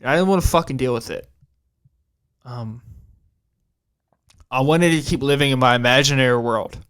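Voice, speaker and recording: A young man on a podcast, telling a personal story with a smooth, resonant voice at an ordinary pitch. He stops and restarts his phrases and repeats himself, and he swears casually between thoughts. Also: moderate pace, fairly bright tone. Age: young adult. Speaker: podcast host.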